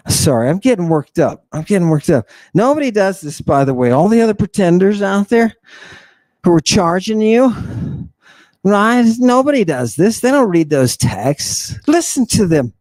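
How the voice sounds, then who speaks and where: A man's voice: high-pitched, a little mellow, dry recording. A man hosting an impassioned lecture, fiery and provocative, firing rhetorical questions at his listeners. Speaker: host and lecturer. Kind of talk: impassioned lecture on ancient texts.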